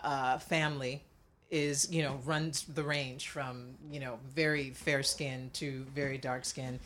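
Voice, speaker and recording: A woman of Cuban background, an actress, telling animated stories in a casual interview, laughing often and restarting her sentences. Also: extremely low pitch, measured pace. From Cuban family. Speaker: actress guest.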